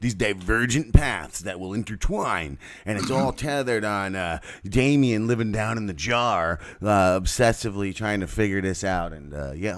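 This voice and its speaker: A man's voice: on the low side, lively intonation, moderate pace, hardly any pauses. A man co-hosting a live stream, bantering and teasing in a loose, jokey way. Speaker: podcast co-host. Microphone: video call.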